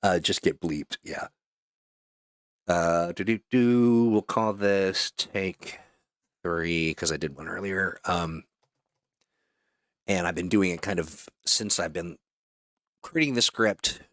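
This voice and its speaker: Joking low-voiced male voice-over host. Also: slow pace, long pauses, a bit bright, dry recording, studio quality. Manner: joking, self-mocking, many fillers. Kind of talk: casual livestream chat between voice-over takes.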